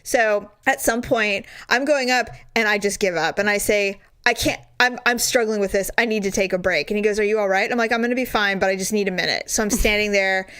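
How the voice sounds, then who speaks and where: A woman's voice: medium pitch, steady tone, a little fast, few pauses, a bit bright, smooth. A middle-aged woman co-hosting a podcast, telling a story animatedly with quoted asides and laughter. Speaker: podcast co-host. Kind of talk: casual chat.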